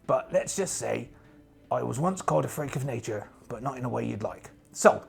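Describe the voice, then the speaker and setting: Gravelly playful man in pirate voice. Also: fairly high pitch. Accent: put-on pirate accent. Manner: playful, rambling pirate talk with jokes and asides. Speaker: solo tabletop game player and narrator. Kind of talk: playing a pirate in a solo tabletop game, talking to the camera.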